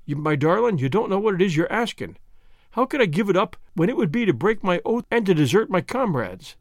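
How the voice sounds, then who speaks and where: A man's voice: high-pitched, sing-song, fairly quick, no room sound, clean studio sound, heavily acted. A man doing an earnest young lover. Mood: coaxing. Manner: coaxing, earnest. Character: young secretive man, ardent lover with a hard edge.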